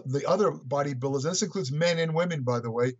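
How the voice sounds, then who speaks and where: Older man, husky voice, fairly high pitch, muffled lo-fi recording, rambling casual storyteller. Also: fast talker. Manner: rambling, hesitant restarts, chuckling anecdotes. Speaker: guest, fitness writer. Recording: muffled lo-fi audio.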